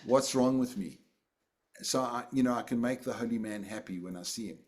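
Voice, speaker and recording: A man's voice: mid-range voice, a little fast, darkish tone. A man leading a casual group session over a video call, rambling and self-deprecating, often repeating his words. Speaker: group facilitator.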